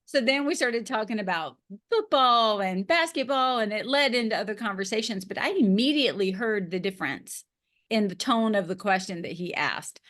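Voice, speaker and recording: A woman's voice: medium pitch, lively intonation, moderate pace, a bit bright. A middle-aged woman with a Southern American accent, hosting a podcast and telling stories in a chatty, amused way. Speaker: podcast host. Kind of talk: casual interview chat.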